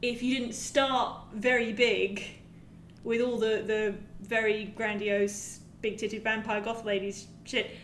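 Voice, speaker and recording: A woman with a fairly high voice chats casually on a gaming podcast, animated and quick to swear as she tells her story. Her voice carries a roomy echo, with a faint hiss behind it. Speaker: podcast co-host. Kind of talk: casual chat about games.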